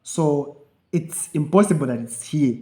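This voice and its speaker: A man's voice: on the high side, measured pace. A young man co-hosting a podcast, telling a story in casual chat and acting out the lines of himself and others. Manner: animated, acts out quotes of himself and others. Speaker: podcast co-host. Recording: echoey room.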